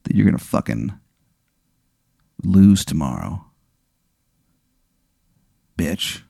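A man's voice: sing-song, slow pace, creaky, warm tone, breathy edge, no echo, clean studio sound, heavily acted. A man growling as a menacing rich-kid bully. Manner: low threatening growl.

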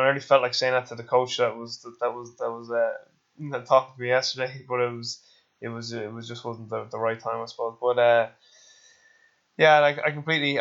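A fast-talking Irish man hosts a relaxed interview, circling back on his words and dropping the odd swear word. His voice comes through slightly dull and muffled. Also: mid-range voice. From Ireland. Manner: rambling, repeats words, swears casually. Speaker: podcast host. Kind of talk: casual interview.

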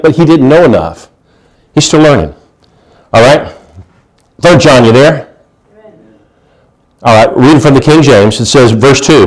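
This pastor tells his sermon like a folksy tale, mixing loud, emphatic lines with whispered asides and regularly backing up to restart sentences. He has a mid-range, sing-song voice, speaks at a normal pace, and leaves long pauses.

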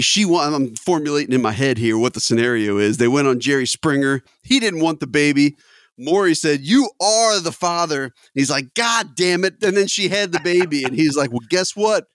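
A man competing on a podcast game show, joking and thinking his answers through out loud. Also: medium pitch, no room sound, studio quality. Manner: jokey, thinks aloud, acts out scenes. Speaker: contestant. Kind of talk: casual podcast banter.

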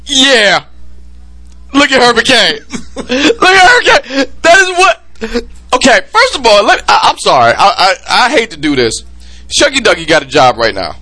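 A man hosting a casual podcast chat, excitable and prone to loud laughing outbursts. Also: high voice. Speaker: podcast host.

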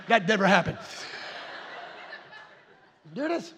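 A middle-aged man preaching with a strikingly high voice for a man. He tells his story animatedly, chuckling along the way and now and then bursting out loudly. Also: brisk, slight background noise. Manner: animated, chuckling storyteller with sudden loud outbursts. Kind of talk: storytelling sermon.

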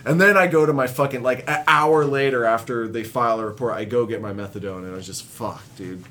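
A young man telling rambling, profane stories in casual chat, laughing often and growing animated as he retells them. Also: fairly quick, few pauses. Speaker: guest telling recovery stories. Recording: faint low rumble.

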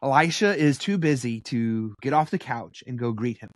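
A man teaching from the Bible in a casual preaching style, conversational and animated with blunt asides. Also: medium pitch, normal speed, dry recording, studio quality.

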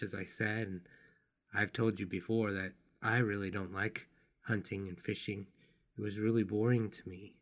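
A man hosting his own podcast, telling personal stories in a gentle, unhurried, tender way. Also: mid-range voice. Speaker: podcast host and author. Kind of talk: reflective personal podcast monologue.

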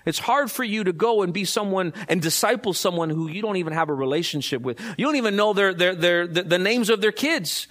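A middle-aged man gives a sermon in a slightly higher-than-usual voice. He talks loosely, with fillers and false starts. Then he climbs to emphatic, lifted lines when he drives a point home. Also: brisk, few pauses, a bit bright. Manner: conversational preaching with many fillers and restarts, rising to emphatic points. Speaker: pastor.

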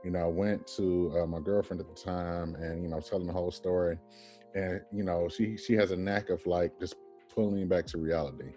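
A man in his thirties, a podcast guest telling an animated personal story and acting out the people in it. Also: sits low, a little fast, faint music behind. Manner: animated storyteller, acts out quoted voices, laughs often.

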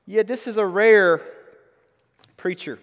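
A man with a fairly high voice delivers a sermon in a church. His talk is conversational and emphatic, with dry asides, and a long reverb trails his words. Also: slow, highs cut off. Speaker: pastor. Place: church sanctuary.

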